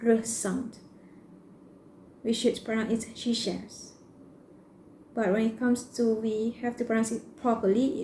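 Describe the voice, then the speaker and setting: A woman's voice: fairly high pitch, warm tone. A young woman student from Malaysia with a Malaysian English accent, giving a class presentation and explaining casually, with some restarts. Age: young adult. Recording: echoey room with faint noise.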